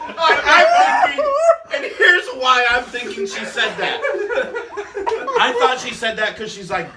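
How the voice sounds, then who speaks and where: A man's voice: extremely high pitch, big pitch swings, a little slow. A man co-hosting a podcast, telling a long story casually and laughing often. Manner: laughing often while telling a story, doing quoted voices. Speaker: podcast co-host. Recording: roomy, distant mic with loud noise.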